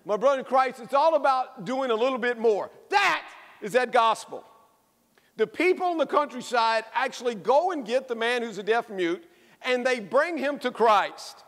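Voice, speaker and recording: A man preaching a sermon as a pastor, telling a story with lively emphasis and repeated phrases. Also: very high voice, moderate pace. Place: church. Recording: echoey church hall.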